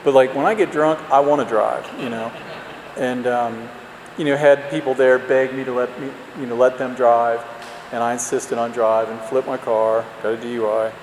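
A man's voice: medium pitch, steady tone, moderate pace, a little mellow. Guy rambling through his own story, self-mocking, echoey big hall, bit of noise behind. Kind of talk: personal recovery story told to an audience. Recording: roomy hall, faint background noise.

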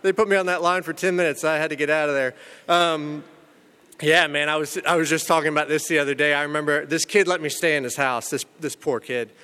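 A man tells his own recovery story candidly, his speech rambling and studded with "you know" and "man." His voice sits a bit high and rings bright and smooth. He mocks himself as he talks about a dark past. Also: steady tone, a little fast, big-room sound. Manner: self-mocking humor about a dark past.

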